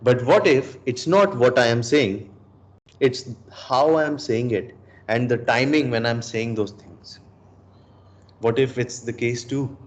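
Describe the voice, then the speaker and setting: A man's voice: mid-range voice, a little slow. A young man giving a coaching session, emphatic, asking the listener rhetorical questions and mixing in Hindi phrases. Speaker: dating coach.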